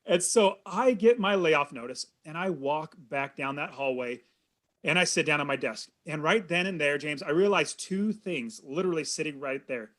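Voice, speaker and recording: A man in his thirties tells a personal story as a podcast guest, earnest and animated. His voice sits a little high for a man. He talks plainly and warmly to his host. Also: moderate pace. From California. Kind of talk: storytelling in an interview.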